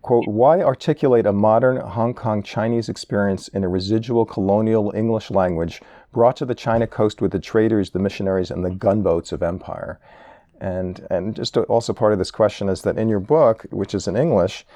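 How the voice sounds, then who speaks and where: A man's voice: fairly low pitch, normal speed, dark tone, dry recording. A man hosting an interview, asking curious, friendly questions. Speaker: interview host.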